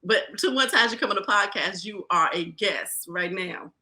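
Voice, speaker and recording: Bright-voiced Southern woman podcast host. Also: medium pitch, normal speed. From rural Virginia. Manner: lively, folksy, talks straight to listeners. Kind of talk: casual podcast chat.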